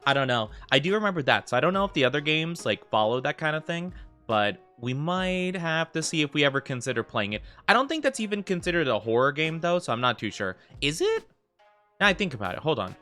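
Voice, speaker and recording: A man's voice: fairly high pitch, big pitch swings, quick pace, pushed and bright, faint music behind. An American man streaming a game, chatting casually and rambling with lots of filler words. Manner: rambling, heavy use of fillers like "like". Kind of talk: casual livestream chat.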